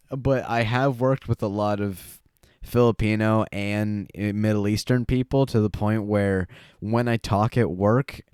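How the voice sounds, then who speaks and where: With a lowish, darkish, clean voice, this young podcast co-host chats casually, wandering off topic, laughing often and using many fillers. The studio-quality recording has no room sound.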